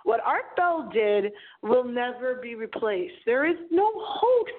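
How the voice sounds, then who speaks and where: Dramatic radio lady in her 40s telling spooky stories, kinda high voice, sounds like it's coming through a phone. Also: very animated, takes it slowly. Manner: dramatic, breathy storytelling delivery. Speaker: radio host. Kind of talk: dramatic paranormal radio monologue. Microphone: small microphone. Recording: tinny phone-like audio.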